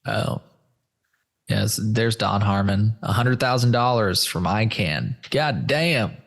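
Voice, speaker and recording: Loose-talking podcast host with a gravelly voice. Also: male voice, on the low side, takes it slowly. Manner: loose, rambling, profane, talks to listeners as folks. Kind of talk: casual chat while screen sharing.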